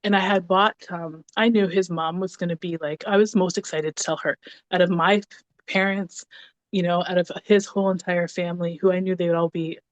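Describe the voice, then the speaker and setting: Woman in her 30s, lively storyteller, plays out the dialogue, dry close sound. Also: fairly low pitch, a little fast, dry recording, highs cut off. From Canada (Ontario). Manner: animated, acts out quoted dialogue. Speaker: podcast guest. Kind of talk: casual storytelling conversation.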